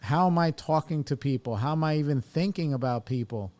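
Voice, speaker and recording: A man's voice: on the high side, brisk, darkish tone. A man in his forties talking candidly on a podcast, reflective and blunt, swearing freely as he works through his thoughts. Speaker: podcast host in recovery. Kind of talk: candid casual talk.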